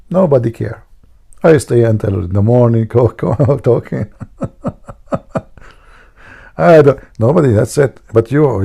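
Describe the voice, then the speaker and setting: A man hosts a late-night live stream in a rough, gravelly voice with a husky edge. His tone is dark and mellow, and he teases his viewers mockingly as he tells jokes. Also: medium pitch. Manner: mocking, teasing, jokey asides. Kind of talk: live-stream talk, joke telling.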